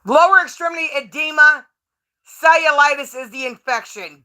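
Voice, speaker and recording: A woman's voice: high voice, normal speed, pushed and bright. A woman livestreaming, talking casually to her chat in a brash, profane and taunting way, laughing often as she talks.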